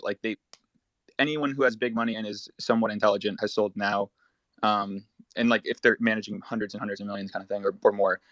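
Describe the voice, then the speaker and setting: Brief: a lower-voiced male market commentator who talks fast and rambles loosely, with dry close sound. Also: fairly bright tone, no room sound. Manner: rapid, rambling, heavy use of "like". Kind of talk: casual audio-chat discussion.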